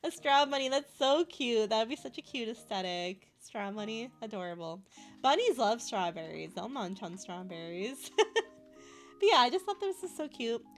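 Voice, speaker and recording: A woman's voice: a little high, animated, moderate pace, soft background music. A bubbly young woman from Canada chatting casually with her stream chat, giggling often and gushing over cute things.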